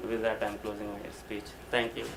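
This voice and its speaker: Halting man giving a club speech. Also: fairly low pitch, completely flat delivery, gravelly, heavy background noise. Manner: halting, many restarts. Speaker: club speaker. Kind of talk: informal prepared speech.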